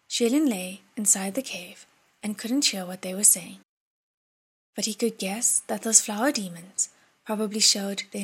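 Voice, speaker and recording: Breathy woman reading an audiobook. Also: medium pitch, fairly bright tone. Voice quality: breathy, husky. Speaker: audiobook narrator. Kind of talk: audiobook narration.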